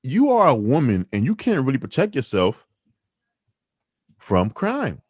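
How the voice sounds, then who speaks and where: Animated man giving blunt opinions. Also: mid-range voice, unhurried, breathy edge, dry recording, studio quality. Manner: animated, emphatic, rhetorical, with restarts. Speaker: co-host. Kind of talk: opinionated news commentary chat.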